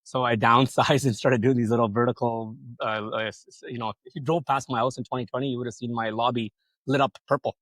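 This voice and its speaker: A man's voice: medium pitch, steady tone, fast, fairly bright tone, no echo. A man telling his business story as a podcast guest, rambling casually, swearing freely and acting out other people's lines. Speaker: podcast guest, solar company founder.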